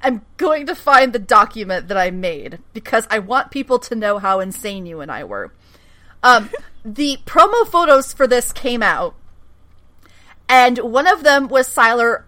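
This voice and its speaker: Bubbly high-voiced woman, lively and giggly. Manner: giggly, animated, acts out characters' lines, swears freely. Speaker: podcast co-host. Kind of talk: casual chat recapping a TV episode.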